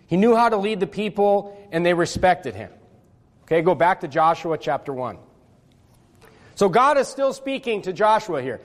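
A preacher with a high voice works through scripture in a loose, conversational way, leaning on "I mean" and "you know". He keeps pushing up into emphatic bursts, and his words ring out with a long reverb from a big room. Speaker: pastor. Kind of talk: sermon with scripture reading.

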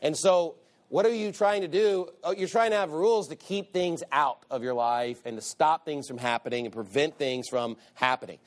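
A pastor delivering a sermon in a somewhat high male voice. He hammers his points with emphatic repetition and reads old-style scripture aloud between them. His pitch climbs as he presses a point. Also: normal speed. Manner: emphatic, repeats phrases for stress; reads scripture aloud in King James wording.

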